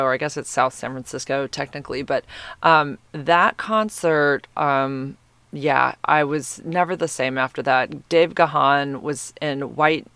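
A man's voice: on the high side, sharp tone, smooth, dry recording. A man in his fifties hosting a casual solo podcast, gushing and rambling with plenty of fillers. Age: 50s. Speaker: podcast host.

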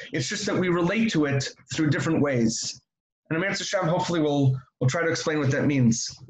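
A man's voice: a little high, roomy sound, low-quality recording. A man giving a Torah lesson, repeating key phrases and asking rhetorical questions. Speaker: Torah teacher.

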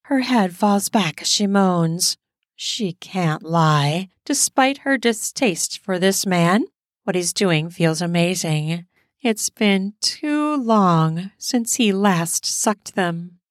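Narrating an explicit erotic story at a slow, steady pace, a woman speaks in a lowish voice close to the microphone. The recording is dry and dead-sounding.

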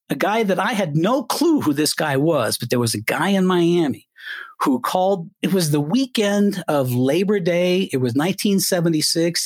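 A man's voice: on the high side, breathy edge, no room sound, clean studio sound. An older man from Colorado, a retired radio DJ, telling stories as an interview guest and acting out the voices in them. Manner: animated, acts out voices in his anecdotes. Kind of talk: storytelling interview.

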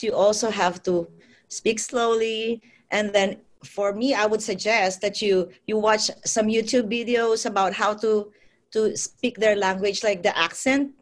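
Nurse lady from the philippines, chatty, laughs a lot mid-answer. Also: mid-range voice. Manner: laughs often, chatty with restarts. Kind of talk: casual interview answer.

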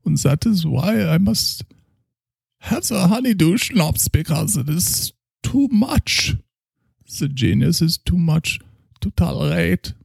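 A man voicing a pompous, tipsy male German psychoanalyst with a put-on German accent, slow and grandiose in his boasting. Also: on the high side, creaky, a little mellow, slightly rough, no room sound, clean studio sound, pitched above the performer's own voice, heavily acted. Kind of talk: improvised comedy character.

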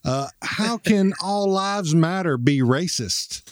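A man's voice: high voice, expressive, slow pace, no room sound, voice pushed up. A man putting on a Southern Texan voice to read out a blunt question. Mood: mock earnest. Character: Southern white guy asking a question.

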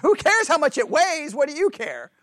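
A man's voice: very high voice, wildly swooping pitch, moderate pace, fairly bright tone, no echo, clean studio sound. A man teaching a Bible study class in a conversational, playful way, acting out sarcastic remarks and often checking "right?" with his listeners.

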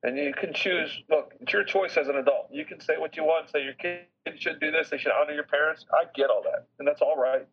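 A middle-aged man speaking as an interview guest, earnest and heartfelt, pausing to reflect as he tells a personal story. His voice is husky, and it comes through a slightly dull, lo-fi recording. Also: on the high side. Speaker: business chairman as podcast guest.

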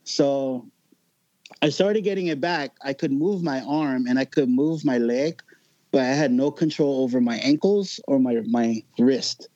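A man's voice: mid-range voice, unhurried, warm tone, no room sound, dull audio. A man telling a personal story as a podcast guest, casual and profane, often laughing as he talks.

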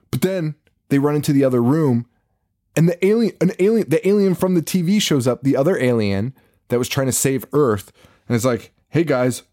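A man co-hosting a podcast, casually recapping a movie with lots of swearing and laughter. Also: mid-range voice. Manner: profane, laughing, animated retelling. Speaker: podcast co-host.

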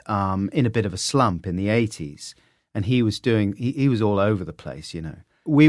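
A middle-aged man, a guest in an interview, telling stories in an animated, self-deprecating way. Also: no echo, clean studio sound. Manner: animated, self-deprecating, lively swings in pitch. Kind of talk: relaxed anecdotal storytelling.

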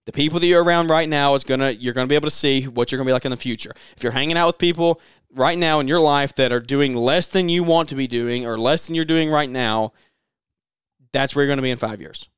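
Passionate, raspy motivational podcast man. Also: mid-range voice, fast talker, dry recording, studio quality. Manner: passionate, emphatic, repetitive urging. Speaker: podcast host.

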